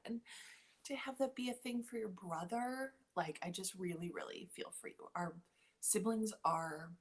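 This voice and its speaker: A woman's voice: medium pitch, normal speed, husky. A woman in her late thirties hosting a casual livestream chat from home, rambling and easily sidetracked. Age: late 30s. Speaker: podcast host.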